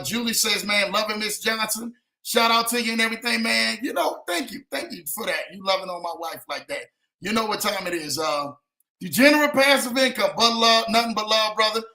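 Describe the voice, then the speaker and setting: A man hosting a casual livestream, reading viewer comments and talking in animated, slangy speech, often calling himself by name. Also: high voice. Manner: animated, slangy, speaks of himself in third person. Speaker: livestream host. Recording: echoey room.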